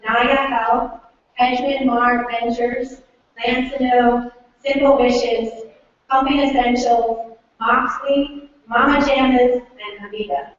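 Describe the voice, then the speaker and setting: A woman organizer making upbeat announcements at a hackathon, recorded from across a large room. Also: fairly high pitch. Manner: upbeat, listing sponsors. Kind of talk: event announcements. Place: large echoey room, from far off. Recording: distant roomy lo-fi recording.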